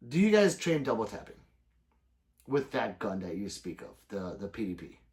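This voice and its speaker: A man hosting a casual livestream, reading viewer comments aloud, joking and swearing freely with loud sudden outbursts. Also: fairly low pitch, big pitch swings, moderate pace. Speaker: gun channel livestream host.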